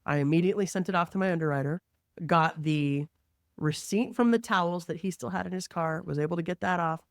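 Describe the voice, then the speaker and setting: A woman who works as a mortgage lender, telling a work story in an animated, conversational way and acting out the quotes. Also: fairly low pitch, fairly quick, no echo, clean studio sound.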